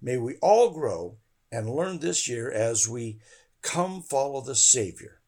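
A man's voice: medium pitch, very animated, takes it slowly, darkish tone, breathy edge. A man hosting a scripture study podcast, speaking in an earnest, devotional way. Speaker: podcast host.

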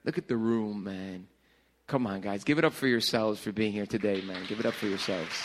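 Lively joking pastor, a middle-aged man. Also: lowish voice, a little fast, slight background noise. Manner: energetic, joking, animated swings between loud and hushed. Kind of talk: youth sermon. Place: church hall with a youth crowd.

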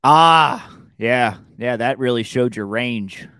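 A man's voice: mid-range voice, slow, bright, forceful tone, clear, resonant tone, no room sound. Chatty man on a dry close mic. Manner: laughing, chatty storyteller. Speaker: podcast co-host and sports radio host. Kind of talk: casual sports chat.

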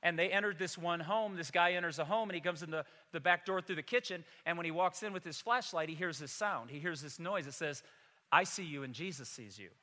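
A man's voice: a little high, brisk, few pauses, bright, forceful tone, in a large hall. A man pastor delivering a Christmas Sunday sermon in a church, emphatic and telling humorous stories. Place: church sanctuary.

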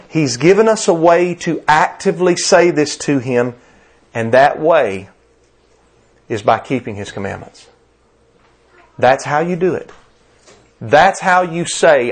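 A man's voice: a little high, lively intonation, measured pace, pauses often. An older man with a Southern US accent preaching a sermon, driving his points home with emphatic repetition and rising stresses. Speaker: pastor.

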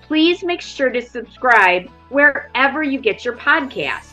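A woman reading a scripted podcast outro in a smooth, promotional delivery. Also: high voice, sing-song, a little slow, bright, forceful tone, soft background music, low-quality recording.

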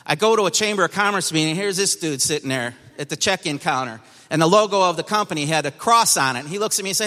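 Man, fairly high voice, bright and forceful, emphatic storyteller, church testimony, reverberant hall. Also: animated, quick pace, hardly any pauses. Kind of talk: personal testimony to a congregation.

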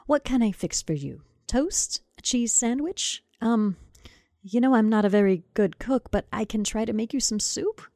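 A woman's voice: a little high, lively intonation, moderate pace, darkish tone, no echo, pitched above the performer's own voice. An anxious young husband who frets, stammers and keeps trying to please, as a woman reading the story puts him on. He sounds eager and worried. The recording is dry and close, as in a storybook podcast. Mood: fussing. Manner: stammering, placating.

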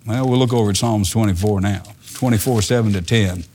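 An older man preaching a sermon in a folksy, earnest way, dropping to soft asides and rising to emphatic lines. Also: on the low side, fairly quick.

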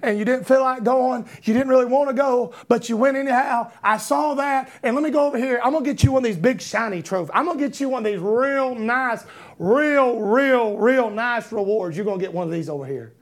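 A man preaching an impassioned sermon, repeating rhetorical questions and building to shouts. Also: very high voice, fast talker, few pauses.

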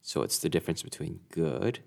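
A man giving a scripted lesson in a measured, deliberate way. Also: a bass voice, gravelly, a little mellow. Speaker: instructor.

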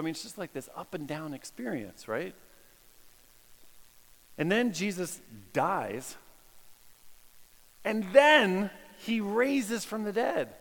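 A man's voice: mid-range voice, gravelly. Casual preaching man in a reverberant hall. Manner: casual, animated preaching with voiced quotes and laughs. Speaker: pastor. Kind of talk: sermon.

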